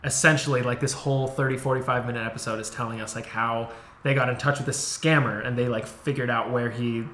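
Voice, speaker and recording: A man's voice: mid-range voice, fairly even intonation, quick pace, fairly bright tone. A man co-hosting a podcast, telling a story in casual, profane chat and laughing often. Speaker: podcast co-host. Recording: roomy sound with faint noise.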